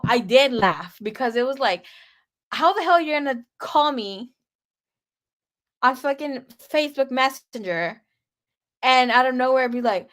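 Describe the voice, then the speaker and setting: Her voice high and fairly bright with lively intonation, a young tarot reader speaks to viewers unhurriedly, pausing often. She tells her own story casually and chattily, candid and dramatic, with frequent swearing.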